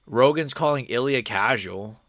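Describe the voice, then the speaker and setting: A man's voice: medium pitch, measured pace, a bit bright, no room sound, clean studio sound. A young man giving casual, profane live-stream reaction commentary, rambling and frustrated with lots of fillers. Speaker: livestreamer watching a fight.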